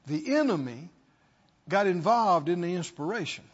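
A man's voice: sits high, animated, normal speed, breathy edge. A male preacher giving an emphatic sermon and throwing rhetorical questions at his congregation, in a dull lo-fi recording.

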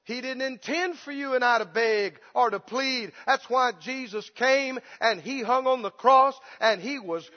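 A man preaches with fervor in a very high voice, swinging between hushed, whining imitations of someone begging and loud, bold proclamations. His voice rings through a church hall with a long reverb tail. The recording sounds muffled and lo-fi. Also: measured pace, few pauses. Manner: impassioned, mimics pleading beggars in a whimper. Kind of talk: sermon.

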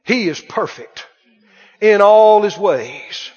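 High-voiced preacher in an echoing hall. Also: male voice, animated, slow pace, husky. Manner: dynamic preaching, swinging between quiet and loud, rhetorical questions. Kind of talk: sermon. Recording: dull reverberant hall sound.

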